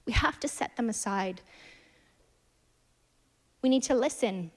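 A woman in her thirties preaching a sermon, earnest and storytelling, swinging from emphatic lines to hushed ones. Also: a little high, measured pace.

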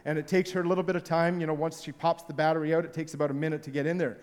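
A man's voice: on the high side, level tone, rapid-fire, darkish tone. A man preaching a sermon as pastor, telling stories in a playful, jokey way and drawing the congregation into a little experiment. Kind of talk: sermon with audience participation. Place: large hall with live congregation. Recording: long hall reverb.

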